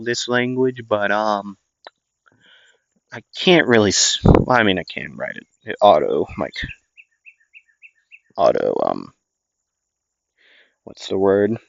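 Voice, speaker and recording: A man's voice: on the low side, lively intonation, takes it slowly, gravelly, pauses often, a bit bright, no echo, exaggerated voice. A man voicing a blunt young male hero in a fan-made audio story, laid-back and a little bewildered. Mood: rambling. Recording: dull lo-fi dry recording.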